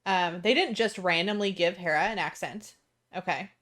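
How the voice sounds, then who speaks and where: A young woman co-hosts a podcast, chatting with eager enthusiasm and taking time to explain details. Her voice sits somewhat low. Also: moderate pace, fairly bright tone. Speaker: podcast co-host. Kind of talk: casual chat.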